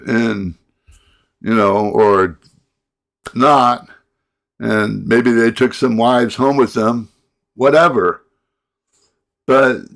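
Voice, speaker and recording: A middle-aged man delivers a rambling monologue rant at an unhurried, dragging pace. He stumbles and repeats himself, sighs heavily, and now and then bursts out angrily. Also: medium pitch, vocal fry, fairly bright tone. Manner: halting, repeats words, angry outbursts, sighs. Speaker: vlogger.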